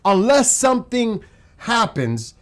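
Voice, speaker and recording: His voice is very high-pitched, sing-song and a bit bright, and he takes it slowly, yet this channel host is unleashing an angry, profane political rant. Upset and livid, he repeats himself for emphasis and voices how upset he is.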